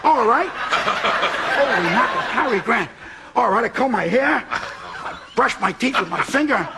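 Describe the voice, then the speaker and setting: High, bright-voiced New man spinning a yarn. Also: normal speed, vocal fry. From New York. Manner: animated, repeats for laughs. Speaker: talk show guest. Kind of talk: comic anecdote. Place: TV studio with audience.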